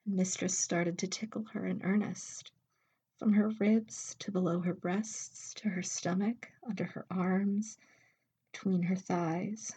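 A woman reading an intimate audio story aloud, softly and often at a whisper. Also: fairly low pitch, fairly even intonation, slightly rough. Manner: soft, slow, often whispered. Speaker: narrator.

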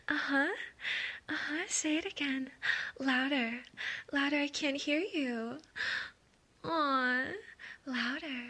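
A woman's voice: high-pitched, steady tone, takes it slowly, long pauses, pushed and bright. A young woman in a whispered role-play, speaking in a teasing, dominant way with murmured uh-huhs and giggles. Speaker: audio role-play performer.

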